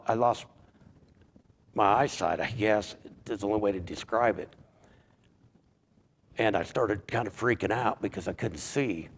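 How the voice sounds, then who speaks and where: A man with a fairly low voice tells his personal testimony. He speaks haltingly, restarting sentences and repeating words as he works his way through it. The delivery is plain and unscripted. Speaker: church member giving a testimony.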